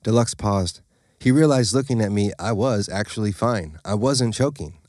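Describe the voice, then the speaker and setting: A man's voice: lowish voice, moderate pace, a little mellow, dry recording, clean studio sound. A man narrating a story in the first person, in a plain, matter-of-fact way. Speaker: audiobook narrator.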